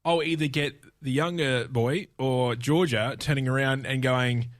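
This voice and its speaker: A man's voice: mid-range voice, steady tone, unhurried, no echo, clean studio sound. An Australian man co-hosting a podcast, telling family stories casually with lots of laughter and self-mockery. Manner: laughing, self-mocking storyteller. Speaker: podcast co-host. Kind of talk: casual chat.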